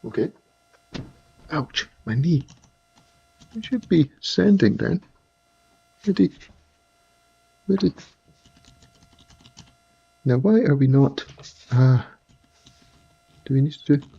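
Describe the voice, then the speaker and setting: The voice sits on the high side, animated yet slow, creaky and a bit rough, with long pauses and lo-fi sound quality. He's a livestream host from Scotland with a mild accent, chatting and rambling while working on music gear and often restarting.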